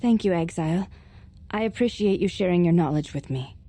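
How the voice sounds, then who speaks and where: A woman's voice: on the low side, animated, brisk, dark tone, faint music behind. An actress voicing a polite, restrained young female warrior in a video game. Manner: courteous, restrained.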